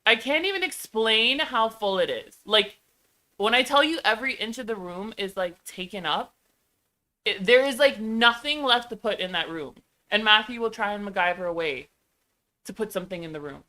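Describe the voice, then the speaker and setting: A woman co-hosting a live stream with her husband, talking in an animated, emphatic way and teasing him with exasperation. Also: medium pitch, moderate pace. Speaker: host's wife, co-host. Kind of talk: casual live-stream chat.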